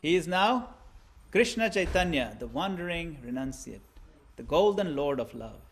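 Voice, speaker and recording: A man giving a religious lesson, narrating a scene vividly with theatrical swings between loud and hushed delivery. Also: fairly high pitch, big pitch swings, normal speed, gravelly. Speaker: religious teacher. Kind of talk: dramatic storytelling lecture.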